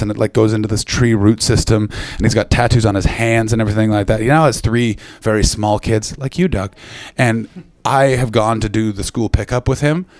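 A man's voice: lowish voice, dry recording. A man from Canada doing stand-up crowd work, brash and teasing, swearing freely, on a handheld mic. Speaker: stand-up comedian. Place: comedy club stage.

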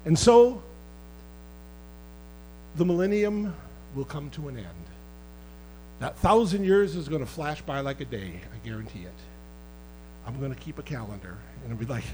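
A man preaching a sermon as pastor, swinging from loud impassioned outbursts to quiet conversational asides and teasing his congregation. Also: medium pitch, lively intonation, unhurried, long pauses, soft background music, rough recording.

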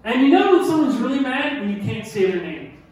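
A man preaching a sermon, animated and emphatic, who repeats key lines and asks his listeners questions. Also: very high voice, a little fast. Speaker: pastor. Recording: echoey hall from far off with faint noise.

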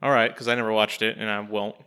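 A man's voice: lowish voice, flat delivery, fast, pushed and bright, clear, resonant tone. A young adult man hosting a casual podcast chat, dry and laid-back as he runs the segments. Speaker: podcast host.

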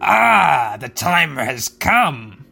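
A man voicing an ancient, weary dragon, speaking slowly and gravely. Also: on the high side, sing-song, sharp tone, slight background noise, exaggerated voice. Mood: solemn.

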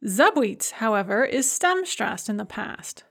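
A woman's voice: a little high, very animated, measured pace. Methodical woman teaching verb forms. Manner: clear, methodical, drilling word forms in lists. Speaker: language teacher. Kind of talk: recorded grammar lesson.

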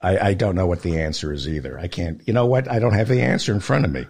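A man's voice: low voice, fast talker, darkish tone, breathy edge. A man hosting a podcast, running a mock quiz and teasing his guest. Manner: teasing quizmaster. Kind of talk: casual podcast banter.

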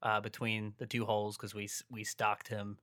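A young man co-hosting a casual sports podcast, lighthearted and quick to laugh. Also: on the low side, completely flat delivery, pushed and bright, a little hiss or hum. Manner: laughs often, lighthearted teasing. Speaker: podcast co-host.

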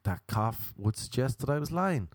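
A man's voice: medium pitch, big pitch swings, normal speed, dry recording. A young Irish man hosting a comic podcast, rambling through self-mocking stories and plugs with jokey asides. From Ireland. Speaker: podcast host and comedian.

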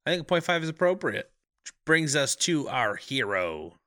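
A man's voice: fairly high pitch, sing-song, moderate pace, sharp tone, no room sound, studio quality. A man co-hosting a movie podcast in casual chat, wry and laughing often. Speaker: podcast co-host.

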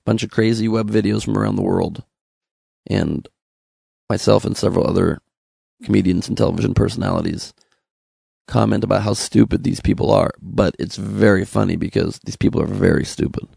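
A man's voice: lowish voice, steady tone, a little fast, gravelly, dark tone, slightly rough, dry recording, clean studio sound. A young man from Los Angeles hosting a comedy podcast, riffing sarcastically and slipping into mock voices. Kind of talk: comic monologue.

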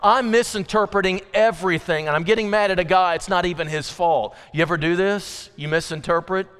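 High, smooth-voiced preacher man in a hall. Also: fairly quick, a bit bright. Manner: conversational, storytelling with acted asides. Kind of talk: sermon. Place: church sanctuary. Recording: reverberant church hall.

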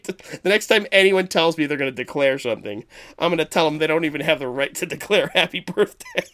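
A man co-hosting a podcast in casual chat, rambling and animated as he retells movie scenes. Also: on the high side. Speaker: podcast co-host.

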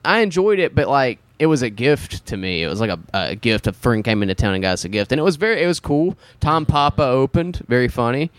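A man's voice: mid-range voice, big pitch swings, fairly quick, hardly any pauses, dry recording. A man hosting a casual chat podcast, talking in a rambling, profane way. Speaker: podcast host.

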